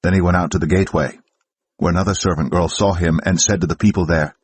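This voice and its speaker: A man narrating scripture aloud for a church in a steady, measured way. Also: low-pitched, husky. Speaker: Bible reader. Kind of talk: scripture reading.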